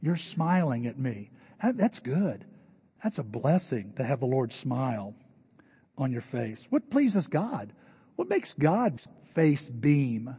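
An older male pastor preaches in a chatty, storytelling manner, his voice pitched high yet warm and slightly husky. The recording is dull and lo-fi, with a long reverb trailing through a large church hall. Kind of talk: sermon.

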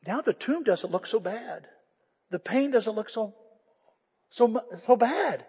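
Impassioned husky-voiced male pastor. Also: sits high, lively intonation, slow pace. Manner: impassioned, swings from shouting to hushed. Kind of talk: sermon. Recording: echoey church hall.

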